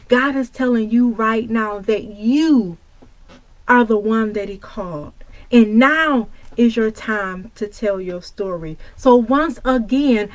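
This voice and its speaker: A woman's voice: on the high side, a little slow, no echo, low-quality recording. A woman from Detroit giving a bold, confrontational motivational talk, hammering the audience with repeated rhetorical questions. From Detroit, United States. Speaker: motivational speaker and coach.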